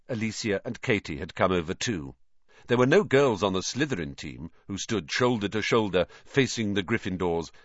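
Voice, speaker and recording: A man's voice: low-pitched, dry recording, dull audio. A man narrating an audiobook expressively. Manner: expressive storyteller voicing every character.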